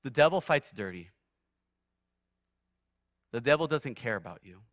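Bright-voiced man preaching a vivid testimony. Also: mid-range voice, lively intonation, measured pace, no room sound, clean studio sound. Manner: vivid storyteller, surging loud then dropping soft. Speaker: guest preacher. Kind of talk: sermon with personal testimony. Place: church sanctuary.

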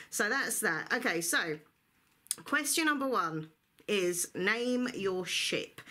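A woman's voice: mid-range voice, sharp tone. A woman chatting to camera about books in a bubbly, chatty way, with frequent laughter. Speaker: book vlogger. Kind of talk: casual chat to camera.

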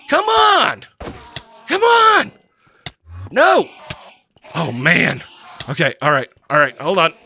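Excitable male gaming commentator with a high, bright voice. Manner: excitable, talks to the mobs he meets; frequent fillers and restarts, jokey. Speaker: gaming channel host. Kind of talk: Minecraft let's play commentary.

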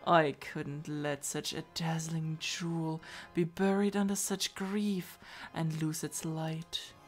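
A brooding, possessive masked man from a game story, voiced by a woman, speaks in a low, hushed and intense manner. The delivery is slow and solemn, with faint game music underneath. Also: flat delivery.

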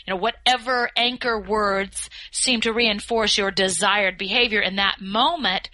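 A woman speaking as an expert guest on a podcast interview, coaching listeners and slowing down to stress her key phrases. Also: mid-range voice, fairly even intonation, bright, forceful tone, rough recording. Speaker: communication skills expert guest.

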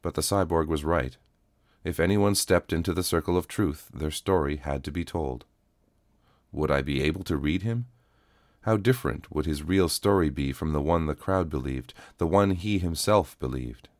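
Male audiobook narrator, strikingly low voice, dry close-mic sound, steady delivery. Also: moderate pace, no echo. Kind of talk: first-person story reading.

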